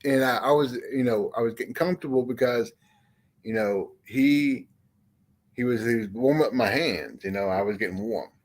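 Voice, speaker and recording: A man's voice: mid-range voice, moderate pace. A man chatting casually, rambling with many fillers and frequent swearing. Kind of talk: casual chat.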